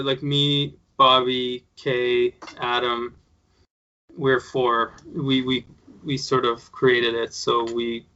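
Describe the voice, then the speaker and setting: A man's voice: medium pitch, bright, forceful tone. A man being interviewed as a show creator, talking casually in a rambling way with lots of fillers and restarts. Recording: dull lo-fi sound.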